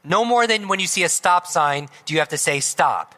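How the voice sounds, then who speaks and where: A man in middle age delivers a live talk in an event hall, his voice strikingly bright and a touch high. He works the audience energetically, throwing out questions and checking in with them as he goes. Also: moderate pace. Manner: energetic, asks the audience questions, tags lines with "right?". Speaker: motivational speaker.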